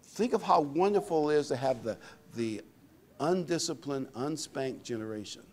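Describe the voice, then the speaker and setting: An older man preaching a sermon in a folksy, conversational way, reading scripture aloud and pausing to find verses. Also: a little high, expressive, a little mellow, a little hiss or hum. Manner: pauses often with fillers to find verses. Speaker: pastor.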